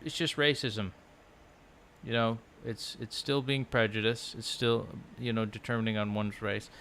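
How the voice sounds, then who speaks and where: A man's voice: medium pitch, steady tone, moderate pace, a bit bright, slight background noise. Rambling man musing on a couch. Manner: musing, loose, full of "like" and restarts. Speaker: language-learning vlogger. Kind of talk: casual rambling chat. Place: at home on a low couch. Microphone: laptop microphone.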